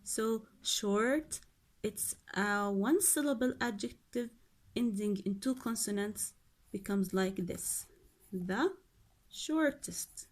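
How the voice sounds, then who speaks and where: A woman's voice: medium pitch, slow pace. A woman English teacher going through a grammar exercise step by step, asking pupils questions as she explains. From Oman. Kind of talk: recorded grammar lesson.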